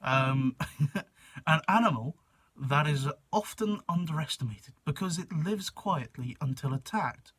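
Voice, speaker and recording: A polished, welcoming English school prefect, as a man puts on the voice. The delivery is mock-formal and measured, like a recited welcome speech. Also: fairly high pitch, expressive, fairly bright tone, slightly rough, dry recording, exaggerated voice.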